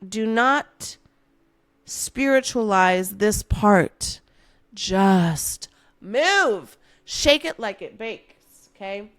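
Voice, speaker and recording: A woman's voice: medium pitch, expressive, very slow, dry recording. Playful, hyped woman coaching on a podcast. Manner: playful, hyped coaching, calls listener baby. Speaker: manifestation coach and podcast host. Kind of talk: motivational podcast monologue.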